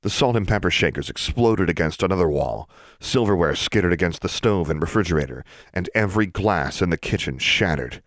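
A man reading a story aloud as a narrator, in even, measured storytelling. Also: low-pitched, no echo, studio quality. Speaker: audiobook narrator. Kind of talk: scripted narration.

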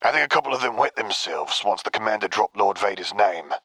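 A man's voice: on the low side, lively intonation, brisk, pushed and bright, slightly rough, dry recording, full character voice. A man reading the part of a cheerful male clone trooper who speaks in a teasing way.

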